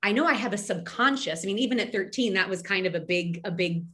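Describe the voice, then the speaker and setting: Bright-voiced chatty middle-aged woman. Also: medium pitch, fast. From Philadelphia. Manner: chatty, lots of fillers and restarts. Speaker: guest medium and intuitive. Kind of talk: casual interview answers.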